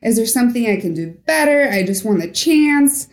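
A young woman from Norway recounts a personal story as a guest, slipping into the voices of the people she quotes. Her voice sits a little high. The recording has a noticeable roomy echo. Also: normal speed. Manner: animated storyteller, acts out quoted dialogue. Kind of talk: storytelling interview.

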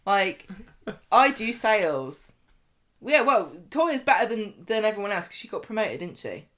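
A woman co-hosting a casual podcast chat, animated and laughing often, often trailing off mid-sentence. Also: medium pitch, a little slow. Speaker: podcast co-host. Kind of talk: casual chat about a soap.

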